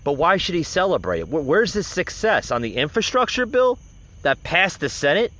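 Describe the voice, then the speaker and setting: A man's voice: a little high, sing-song, normal speed, sharp tone. A man hosting a podcast, delivering heated, rambling and sarcastic political commentary. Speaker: podcast host. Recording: dull lo-fi recording.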